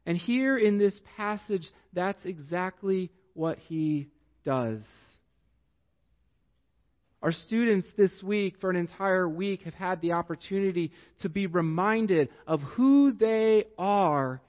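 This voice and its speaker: Speaking in a high-pitched voice, a male pastor tells a story from the pulpit of a church sanctuary during his sermon. He moves slowly and deliberately, leaving long pauses. The echoey hall comes through on dull, lo-fi audio.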